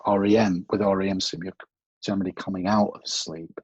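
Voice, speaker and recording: Male therapist guest, deep and husky, patient and halting, dry, dull podcast audio. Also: fairly even intonation, dry recording. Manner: restarts often, trails off quietly, explains patiently. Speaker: CBT practitioner guest. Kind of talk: casual podcast explanation.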